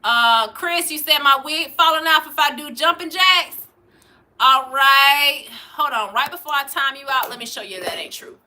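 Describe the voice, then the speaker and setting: A woman, hosting a livestream, reading out chat comments and loudly mocking trolls, cursing freely. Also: high voice, moderate pace. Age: 40s. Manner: loud, profane and mocking, calling out trolls. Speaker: livestream host.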